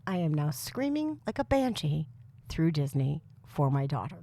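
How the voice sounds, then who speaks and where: A woman in her thirties or forties with a very loud voice, co-hosting a podcast and telling a comic story with lots of laughs and exasperation. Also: low voice, very animated, moderate pace, no room sound. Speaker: podcast co-host. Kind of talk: casual chat, comic storytelling.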